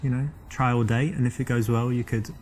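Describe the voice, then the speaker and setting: A man's voice: mid-range voice, little pitch movement, a little fast, darkish tone. Awkward stumbling flirting man. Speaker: dating coach playing himself. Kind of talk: live-action game dialogue.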